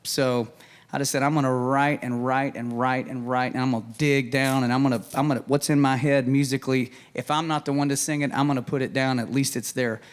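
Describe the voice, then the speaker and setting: A man, a songwriter guest telling an animated story and acting out the dialogue on a music show. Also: medium pitch, a little fast, clear, resonant tone. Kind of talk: storytelling chat. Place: stage of a live music show.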